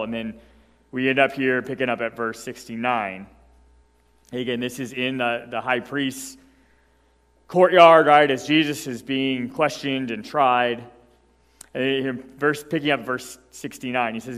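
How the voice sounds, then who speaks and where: A man preaching a sermon as pastor, emphatic and animated, who keeps checking in with the congregation by asking "right?". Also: medium pitch, normal speed, clean tone, in a large hall. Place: church sanctuary.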